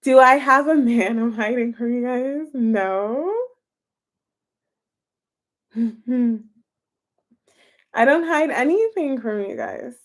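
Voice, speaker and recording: Woman tarot streamer, chatty and giggly, unhurried delivery. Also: fairly high pitch. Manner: chatty and giggly, answering chat comments. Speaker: tarot reader live-streaming to chat. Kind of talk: casual live-stream chat.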